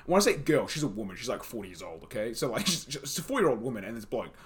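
A man's voice: mid-range voice, sing-song, fast talker. A young man, co-hosting a casual podcast chat, rambling through stories, laughing often and swearing freely. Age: young adult. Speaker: podcast co-host.

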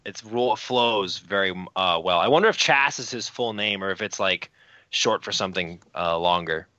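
A man with a low, bright, forceful voice chatting as a podcast guest, pausing often with fillers. The sound is dry and a little dull, close to the mic. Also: no echo. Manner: hesitant, full of uh fillers. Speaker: guest, jiu-jitsu athlete. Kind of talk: casual podcast chat.

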